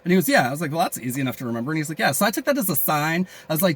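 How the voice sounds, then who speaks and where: A man's voice: on the high side, sing-song, racing, hardly any pauses, fairly bright tone. A man rambling crudely and jokingly in a casual vlog, with many fillers and asides. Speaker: vlogger.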